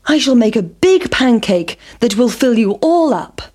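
A woman voicing a kindly farmer's wife in a children's story, speaking calmly to her hungry sons. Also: a little high, moderate pace. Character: kindly farmer's wife, mother of seven boys.

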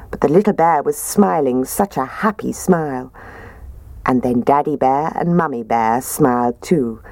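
A woman reads a children's bedtime story in a low voice that rises and falls with lots of expression. The recording is close and dry, with no room sound. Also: creaky, dry recording. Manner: gentle, expressive read-aloud.

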